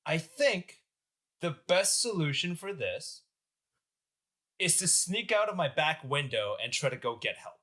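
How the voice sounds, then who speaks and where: A man voicing a nervous judge who tries to calm an angry mob with sheepish, placating talk. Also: fairly high pitch, measured pace, full character voice.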